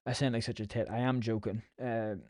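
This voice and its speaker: A man's voice: mid-range voice, fairly even intonation, fairly quick, darkish tone, no echo, studio quality. A young Irish man hosting a solo podcast, chatty and self-mocking, swearing freely as he tells his stories. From Ireland. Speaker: podcast host. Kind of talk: casual solo podcast ramble. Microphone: podcast mic.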